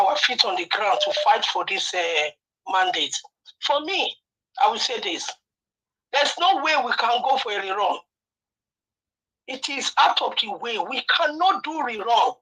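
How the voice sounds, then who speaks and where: A high, bright-voiced woman calls in to a talk show, speaking with mounting emotion. She repeats herself and climbs to a shout. The line is dull and muffled. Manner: emotional, repetitive, rising to shouting. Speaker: caller. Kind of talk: impassioned call-in. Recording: muffled phone-in audio.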